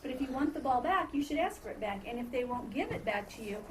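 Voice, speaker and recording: Picked up by a distant microphone in a noisy elementary classroom, a woman teaches first graders in a high, animated, fast voice. She asks questions patiently and echoes the children's answers.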